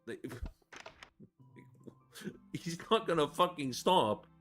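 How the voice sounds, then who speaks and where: A man's voice: fairly high pitch, lively intonation, extremely slow, a bit bright, faint music behind. A man in his twenties giving casual, rambling gameplay commentary, swearing a lot and laughing between rants. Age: 20s. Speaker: gaming video creator.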